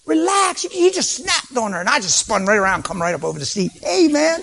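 A man preaching, telling a story with vocal sound effects and sometimes dropping to a soft near-whisper. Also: high voice, big pitch swings, fast, vocal fry, heavy background noise. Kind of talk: storytelling sermon.

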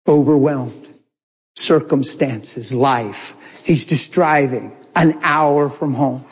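A man telling a story in a sermon, animated and laughing often as he talks. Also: on the high side. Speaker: preacher. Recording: long hall reverb.

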